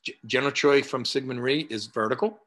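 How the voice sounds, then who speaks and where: A man in his sixties with a New York accent, speaking as a guest over a video call. His voice is bright and forceful. He tells stories with animation, acting out each side of a conversation between frequent "uh" fillers. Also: mid-range voice, fairly quick. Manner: animated, acts out dialogue, many "uh" fillers. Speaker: guest, martial arts historian. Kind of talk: conversational storytelling.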